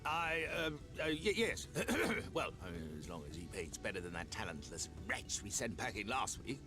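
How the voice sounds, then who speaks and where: A flustered nobleman stammers and hesitates. His fairly low voice leaps high whenever he loses his composure, and game music plays behind him. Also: sing-song, normal speed.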